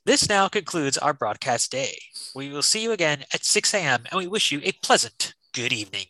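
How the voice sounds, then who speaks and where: A man in mock radio announcing with a bright, forceful voice sitting a touch high. He keeps a formal, measured pace, and the sound is close and dry. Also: big pitch swings, no echo, rough recording. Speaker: radio announcer in a comedy sketch.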